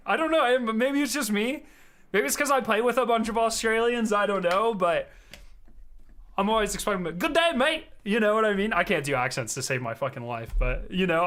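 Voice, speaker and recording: A man streaming, giving casual, excitable and rambling commentary, swearing freely. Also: sits high. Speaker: streamer reacting to a developer stream.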